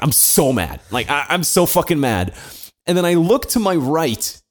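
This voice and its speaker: A man's voice: on the high side, normal speed. A man co-hosting a podcast, telling a story casually with lots of swearing and laughter. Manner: profane, animated, laughing while telling. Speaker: podcast co-host.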